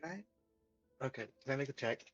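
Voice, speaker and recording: A man's voice: mid-range voice, fast talker, fairly bright tone, faint music behind. A man playing a tabletop game, talking in an unsure way with many fillers. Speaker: player. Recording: dull lo-fi sound.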